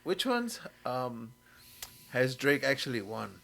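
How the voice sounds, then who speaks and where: Gravelly-voiced man, slangy podcast chat. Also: medium pitch, big pitch swings, takes it slowly, a crowd in the background. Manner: slangy, swears, short reactions. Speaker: podcast co-host. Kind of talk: casual chat.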